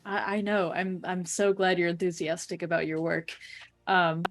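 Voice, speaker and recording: Female player, hesitant, fillers, low-ish voice. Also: steady tone, moderate pace, no room sound. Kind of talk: tabletop role-play.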